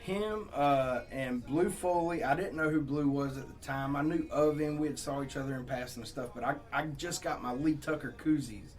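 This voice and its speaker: A songwriter from Southeast Georgia with a Southern accent, telling rambling, laughing, profane stories in a casual chat. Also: male voice, mid-range voice, moderate pace, hardly any pauses. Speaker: songwriter guest.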